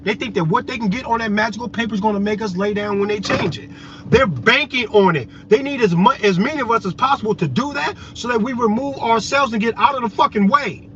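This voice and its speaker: A man's voice: high-pitched, fast talker. A man delivering a heated, profane, confrontational rant straight to his viewers. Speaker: vlogger. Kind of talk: ranting monologue to viewers. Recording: dull lo-fi audio with loud road noise.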